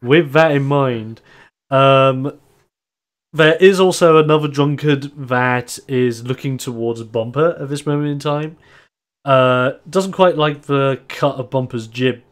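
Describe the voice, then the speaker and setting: Guy gm'ing a tabletop game, lively, keeps laughing, mid-pitched voice. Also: unhurried. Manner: animated narration, laughs often. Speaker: game master. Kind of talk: narrating a tabletop wrestling game.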